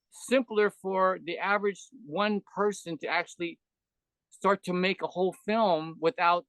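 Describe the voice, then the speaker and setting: Older male storyteller, high voice, dry close sound, loose rambling chat, acts out other voices. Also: a bit bright, clear, resonant tone, no echo. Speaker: podcast guest, veteran animator. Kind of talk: casual interview chat.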